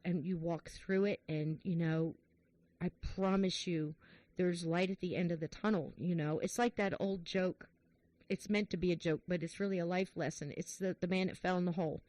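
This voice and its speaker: A woman hosting a podcast, chatting in a warm, emotional, chatty way and retelling a joke. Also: on the low side, steady tone, normal speed, dry recording. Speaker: podcast host. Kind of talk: casual chat, retelling a joke.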